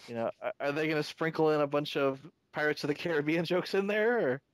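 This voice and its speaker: Halting man in casual fan talk. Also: a little high. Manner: halting, many restarts and fillers. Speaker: podcast co-host.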